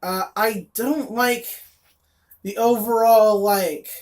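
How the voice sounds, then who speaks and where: A woman's voice: a little high, fairly even intonation, slow pace, darkish tone. A woman reviewing a comic in casual chat, blunt and sarcastic, with lots of fillers and asides.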